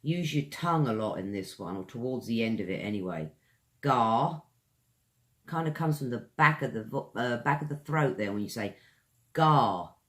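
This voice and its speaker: Speaking at medium pitch with an animated, fairly bright tone, a British-accented man teaches English pronunciation online. He draws every word out slowly and drops chatty asides to his viewers between examples.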